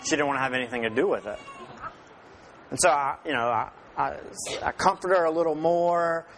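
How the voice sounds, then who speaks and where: Man, 30s, slightly higher voice, self-mocking storyteller who acts out every line. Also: fairly quick, a bit bright, a little hiss or hum. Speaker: father telling a personal story to an audience. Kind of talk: humorous personal storytelling.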